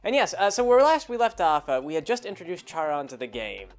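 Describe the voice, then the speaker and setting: A man's voice: fairly high pitch, very animated, fairly quick. A man telling a rambling, casual story about a tabletop game, acting out the characters as he goes. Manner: rambling, with many fillers and restarts, acting out characters. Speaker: podcast host telling a story.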